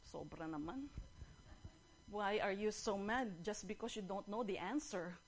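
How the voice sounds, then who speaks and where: A woman's voice: medium pitch, animated, measured pace, background noise. A woman voicing a boastful male lion, the king of the jungle, who growls and demands to be called king. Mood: dazed.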